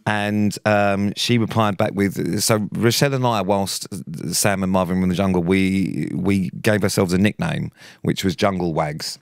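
Podcast guy, dry deadpan delivery, lowish voice, moves things along. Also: normal speed, creaky, clear, resonant tone, dry recording. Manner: dry, deadpan, steering the conversation. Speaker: podcast co-host. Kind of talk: casual chat.

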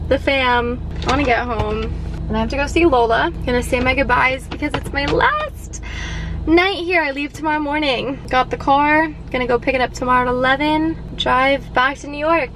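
Young female vlogger, high-pitched and chatty, noisy car sounds behind. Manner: chatty, candid, talks to viewers directly. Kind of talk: casual vlog chat.

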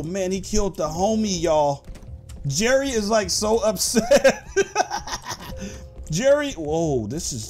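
A man giving excited gameplay commentary to his viewers, full of "like" and "guys" and bursting into sudden shouts. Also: high-pitched. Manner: animated, says "like" and "guys" a lot, bursts into shouts. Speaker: gaming YouTuber.

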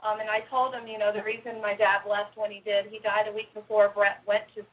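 A woman calling in to a live show, speaking in a halting, hesitant way with many restarts. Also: medium pitch, flat delivery. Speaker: caller. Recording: dull phone line.

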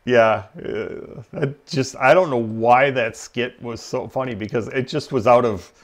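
A man's voice: mid-range voice, measured pace. A man hosting a game livestream, chatting casually and rambling with lots of ums and laughs. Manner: rambling, laughs at own stories, many ums. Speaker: livestream host. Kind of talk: casual gaming stream chat.

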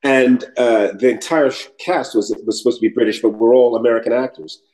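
Animated New man telling stories. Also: mid-range voice, a little fast, rough recording. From New York City. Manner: animated storyteller, slips into accents and voices. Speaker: actor guest. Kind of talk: casual interview chat.

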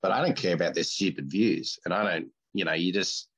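A man co-hosting a comedy podcast, chatting casually in a blunt, crude, deadpan way. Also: low-pitched, brisk, slightly rough. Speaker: podcast co-host.

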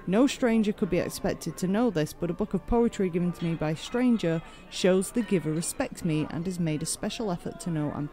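A proud, aloof tribesman from a fantasy video game speaks in a slow, stately cadence and a rustic put-on accent, as a man voices him. His voice sits fairly high despite its solemnity, and clear game music plays beneath him. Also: dark tone. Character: solemn, formal male Ashlander tribesman, aloof.

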